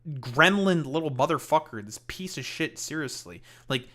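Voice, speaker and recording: A man's voice: fairly high pitch, animated, moderate pace, sharp tone. A man hosting a live stream, reacting to a clip with mocking, heated commentary full of swearing. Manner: mocking, heated, profane, with laughs. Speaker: streamer host.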